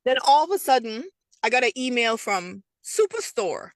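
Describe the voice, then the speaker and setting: A middle-aged woman, a food business owner, telling her story as an interview guest in an excited, animated way, acting out the conversations she recalls. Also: a little high, normal speed, no echo.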